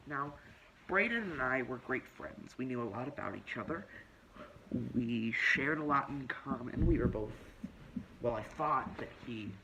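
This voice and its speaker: A man's voice: medium pitch, noisy background. A man playing a self-righteous, preachy young woman who tells her story in a pompous, lecturing comedic monologue. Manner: pompous, lecturing, deadpan self-important delivery.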